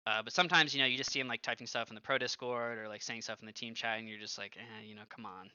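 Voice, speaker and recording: A young man in his twenties, streaming and chatting casually, with a very sharp, bright voice. He tells stories with animation, using lots of fillers and swearing. The recording is dry and a bit dull and lo-fi. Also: medium pitch, racing, clean tone, no echo. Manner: animated storytelling, heavy use of filler like and swearing. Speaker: streamer and former pro gamer. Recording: dull lo-fi, dry close sound.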